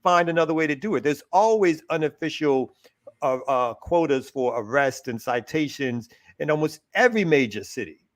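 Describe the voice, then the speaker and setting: A man's voice: on the high side, lively intonation. A man co-hosting a morning talk show, making an earnest case with repeated, stacked phrases. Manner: earnest, fast-building argument with repetitions. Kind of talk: casual political chat.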